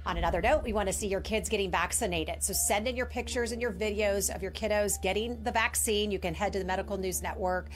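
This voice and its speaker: A woman's voice: medium pitch, fast talker, few pauses. Upbeat woman hosting a medical show. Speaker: show host.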